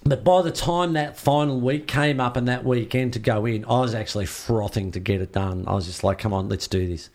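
A man's voice: medium pitch, a little fast, hardly any pauses. A man in an interview, casually telling a story and acting out what others said to him. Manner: lively, acts out what others said. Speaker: interview guest.

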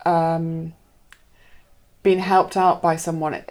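A young woman guest chatting casually, telling an animated story and laughing often. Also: deep voice, slow. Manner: animated, laughing often, acts out quoted voices.

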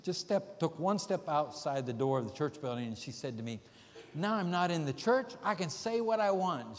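An older man preaching to his congregation, easing in with folksy anecdotes and little chuckles. His mid-pitched voice carries the long reverb of a church sanctuary. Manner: folksy, storytelling, chuckling asides. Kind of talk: sermon with humorous stories.

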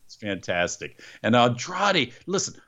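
A man talks casually on a podcast from a studio, recapping in a jokey, animated way. His voice sits at a middle pitch and moves a lot. He slips into put-on voices when quoting people. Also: measured pace, highs cut off. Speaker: podcast co-host recapping wrestling. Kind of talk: casual chat.

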